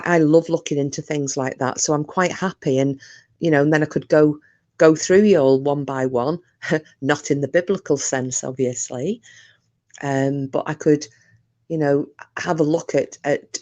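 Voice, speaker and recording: A woman's voice: sits low, mellow, dull audio. Woman, live-stream host, casual chat, rambling, jokey, restarts her sentences. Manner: rambling, self-interrupting, jokey. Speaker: livestream host.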